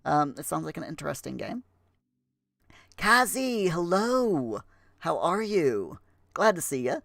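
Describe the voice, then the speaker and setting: A man hosts a game livestream from a home setup, his voice a touch higher than usual. He rambles and restarts with plenty of fillers and slips in and out of a put-on, admittedly poor Scottish accent. The desk microphone sound is close and dry. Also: big pitch swings, measured pace, vocal fry, a bit bright, no room sound. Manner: chatty, full of fillers and restarts. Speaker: livestream host. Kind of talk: casual livestream chat.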